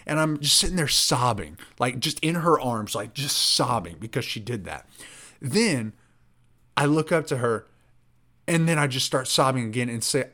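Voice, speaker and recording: A man hosting a podcast, telling a story in a rambling, animated way with lots of filler words. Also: mid-range voice, moderate pace. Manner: rambling, animated, heavy use of "like". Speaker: podcast host. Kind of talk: casual storytelling chat.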